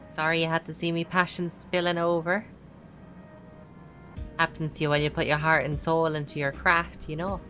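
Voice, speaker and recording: A gruff, bone-tired workman with a put-on British regional twang, as a woman streamer voices him. He talks bluntly and colloquially, and his low voice sits at the bottom of a woman's range. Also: flat delivery, moderate pace, sharp tone, faint music behind. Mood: gruff, weary. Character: sleepless, gruff working man with a northern British twang. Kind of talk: reading game dialogue aloud.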